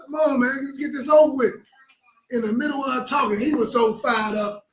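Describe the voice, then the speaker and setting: A man voicing an impatient young man who is eager to die bravely, shouting in hurried street slang. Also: very high-pitched, reverberant, pitched above the performer's own voice.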